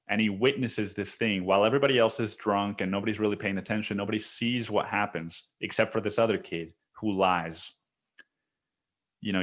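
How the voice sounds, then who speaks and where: A man's voice: on the low side, fairly bright tone. A man hosting a solo podcast, recounting a dream in a casual, profane storytelling manner. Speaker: podcast host.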